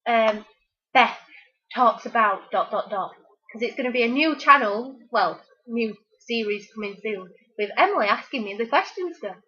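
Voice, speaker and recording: A woman's voice: fairly high pitch, expressive, moderate pace, pushed and bright, husky. A teenage girl chatting casually and giving rambling, opinionated answers full of fillers. The recording is a dull, lo-fi home recording. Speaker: interviewee. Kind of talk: casual chat.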